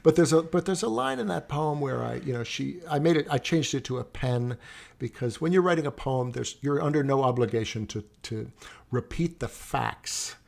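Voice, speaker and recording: A man's voice: medium pitch, animated, moderate pace, vocal fry. A middle-aged man, a poet and teacher, telling rambling stories in a casual interview, often restarting his sentences. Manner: rambling storyteller, frequent restarts.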